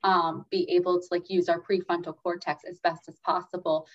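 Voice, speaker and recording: A woman talking casually as a guest expert on calming anxiety, with many fillers and acted-out inner voices. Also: lowish voice, normal speed. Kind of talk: casual interview talk. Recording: slightly dull lo-fi sound.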